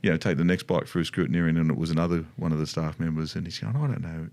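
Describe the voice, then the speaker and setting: Middle-aged man, Australian accent, very low voice, rambling casual chat. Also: flat delivery, rapid-fire, a little mellow. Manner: rambling, many restarts and asides. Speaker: motorcycle dealership co-host.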